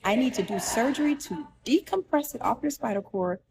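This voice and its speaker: A woman's voice: on the high side, a little fast, slight background noise. A woman telling a true personal story with emotion, acting out the voices of the people in it, with restarts and asides. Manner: animated, acts out quoted voices, with restarts.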